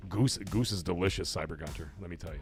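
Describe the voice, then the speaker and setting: A middle-aged man from Canada hosting a live gaming stream, telling stories in a rambling way, cursing freely and getting loud when he is excited. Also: sits low, fast talker, soft background music. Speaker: livestream host. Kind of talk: casual live-stream chat.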